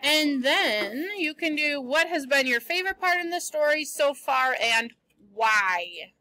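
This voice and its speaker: Brisk, chatty woman teacher. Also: high-pitched, animated, bright, forceful tone, no echo, low-quality recording. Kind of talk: reading a novel aloud to a class.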